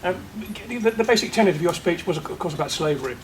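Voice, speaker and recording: An older man making formal remarks at a meeting, halting and repeating words as he searches for them. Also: high voice, lively intonation. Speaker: meeting member giving vote of thanks. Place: meeting room.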